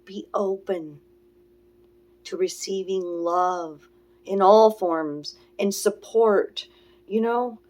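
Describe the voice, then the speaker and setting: Woman, oracle card reader, earnest, rambling, soft slow affirmations, middle pitch. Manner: meandering and earnest, full of "you know" and "okay?". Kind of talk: spiritual oracle reading to camera.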